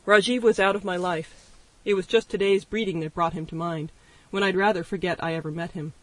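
A man narrates an audiobook with wry first-person storytelling. His voice sits high for a man, and he sounds distant from the microphone. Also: fairly even intonation, brisk, dry recording. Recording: voice distant from the mic.

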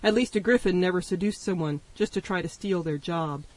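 A man's voice: high-pitched, brisk, dry recording. A man narrating an audiobook in a wry first-person storytelling manner. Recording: voice distant from the mic.

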